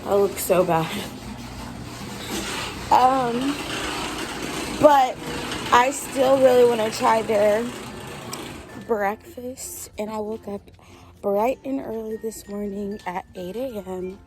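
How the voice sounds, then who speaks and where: Slow-talking exasperated young woman vlogger. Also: fairly high pitch, noisy background. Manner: expressive, exasperated, addresses viewers as y'all. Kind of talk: casual vlog talk to camera. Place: in and around her car. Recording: background music under voice.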